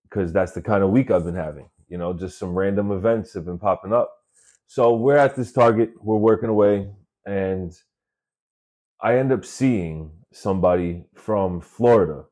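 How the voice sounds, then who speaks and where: A man's voice: deep voice, moderate pace, mellow. A man hosting his own podcast, telling stories from his work week in a laid-back, chatty way and swearing freely. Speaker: podcast host. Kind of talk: casual storytelling monologue. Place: working in New York City.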